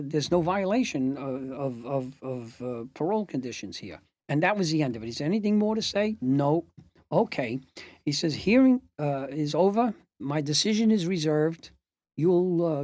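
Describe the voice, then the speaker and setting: A man's voice: a little high, no echo. Older man, emphatic storyteller. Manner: emphatic, building to forceful outrage; halting, with repeated words while searching. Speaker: podcast host and judge. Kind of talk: storytelling podcast monologue.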